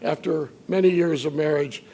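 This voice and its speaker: An older man from Chicago giving an after-dinner speech, telling anecdotes with dry humor and filler pauses. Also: on the high side, fairly even intonation, vocal fry, warm tone. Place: banquet hall at a dinner event.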